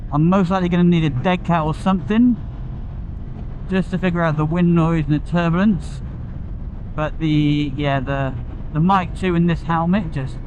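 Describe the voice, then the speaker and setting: A winded man vlogs from his motorcycle, chatting loosely into a mic tucked inside his helmet. His voice sits a little high, the sound is muffled and lo-fi, and loud wind and road noise roar behind him. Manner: chatty, rambling, relaxed. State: out of breath. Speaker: motorcycle vlogger. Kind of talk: casual riding vlog commentary. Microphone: lavalier mic inside a helmet. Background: wind and road traffic noise.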